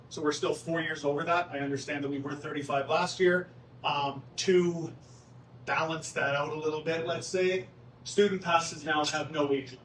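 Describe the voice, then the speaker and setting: A man presenting golf club updates at a town hall meeting, casual and joking with the audience. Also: on the high side. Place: meeting room. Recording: echoey room, distant mic, faint noise.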